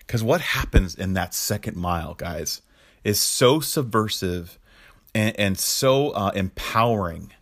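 A man's voice: lowish voice, a bit bright, dry recording. A man preaching in a conversational way, with casual fillers and chuckling asides. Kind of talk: conversational sermon teaching.

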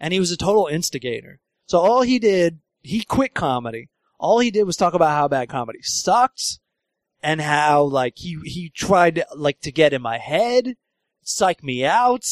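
A comedian hosting a podcast, telling road stories in casual chat, acting out voices, laughing often and swearing freely. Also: male voice, on the high side, big pitch swings, moderate pace, no echo. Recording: dry close mic.

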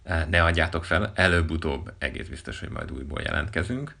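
A man's voice: very deep voice, lively intonation, quick pace, creaky, sharp tone. A Hungarian-native male host asking brief, tentative questions and signing off the show. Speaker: podcast host and interviewer. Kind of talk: interview questions and show sign-off.

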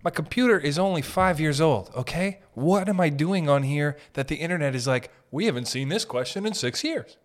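A man's voice: on the high side, lively intonation, fairly quick, few pauses. A man with a Boston accent hosting a podcast, delivering a crude, swearing, unscripted comedic rant. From Boston area. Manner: crude, ranting, lots of swearing and laughing asides. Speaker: podcast host. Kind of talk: unscripted profane comedic monologue.

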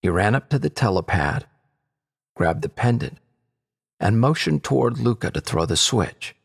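A man narrating an adventure story in an expressive storytelling manner. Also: fairly low pitch, normal speed, gravelly, husky.

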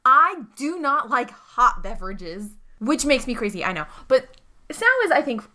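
A woman playing in a tabletop game, chatting in a lively, animated way. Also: high voice, normal speed. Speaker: player. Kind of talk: casual chat.

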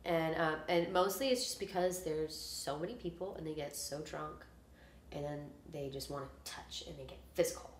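A woman musician in casual conversation, telling a story with a lot of animated detail and acting out what people said. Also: low voice, normal speed, echoey room, slight background noise. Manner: chatty storyteller, acts out quotes. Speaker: musician guest. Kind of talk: casual chat.

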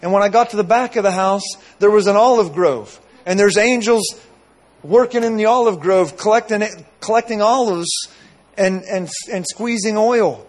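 A man with a strikingly high voice preaches a sermon at a normal speed. He tells his story loosely, circling back with repeated phrases and making asides to the congregation.

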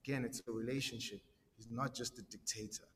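A man's voice: mid-range voice, steady tone, quick pace, big-room sound, slight background noise. A man giving a casual, conversational sermon, slangy and full of "right?" tags and repeated words. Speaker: preacher.

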